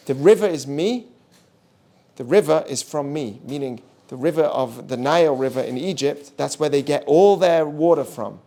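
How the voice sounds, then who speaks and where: High-voiced animated rabbi. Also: male voice, a little slow. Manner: animated, asks the audience questions, mixes in Hebrew terms. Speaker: rabbi teaching a class. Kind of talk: lively Torah class.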